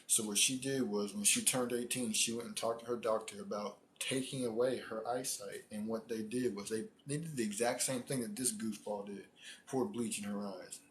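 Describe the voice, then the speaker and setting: Slangy, animated man with a low voice. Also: moderate pace, slight background noise. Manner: animated, slangy, repeats phrases for emphasis. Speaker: commentary streamer. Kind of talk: casual reaction commentary.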